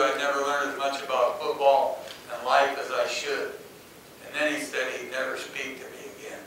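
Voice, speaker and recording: A man tells a folksy motivational story, slipping into the voices of its characters. His tone is bright and forceful. He sounds far from the mic in a very echoey hall. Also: mid-range voice, level tone, moderate pace, a little hiss or hum. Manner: folksy, anecdotal, acts out quoted voices. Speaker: speaker.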